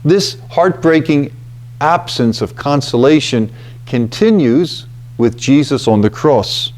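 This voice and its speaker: Slow, deliberate man giving a scripture talk. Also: medium pitch, lively intonation. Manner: deliberate, emphatic, with frequent "okay" and "you know". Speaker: retreat house presenter.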